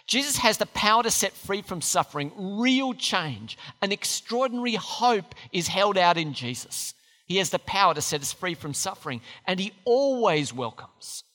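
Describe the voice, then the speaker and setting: A bright-voiced preacher delivers a sermon with animated rises and falls in pitch. The speaker keeps turning to the listeners with emphatic questions. The voice rings out with a long reverb, as in a large hall.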